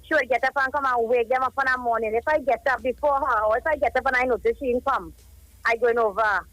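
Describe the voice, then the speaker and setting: This fast-talking woman has a fairly high, slightly bright voice and a Trinidadian accent; she's in her thirties. On a telephone call to a live radio show, she pours out a rambling, emotional account of grief over her young cousin who died, in a low-quality recording with no room sound.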